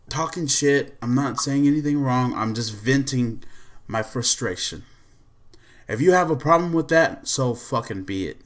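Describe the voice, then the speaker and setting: A man's voice: mid-range voice, fairly bright tone. A male podcast host in an angry, profane rant, repeating himself and restarting sentences as he vents. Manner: repetitive and profane, heated venting with restarts.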